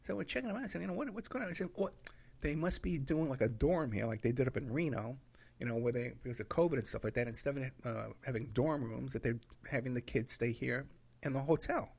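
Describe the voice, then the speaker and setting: A man's voice: medium pitch, quick pace, creaky, darkish tone, slightly rough. A man telling a rambling road trip story in a casual way, laughing at his own anecdotes and acting out what people said.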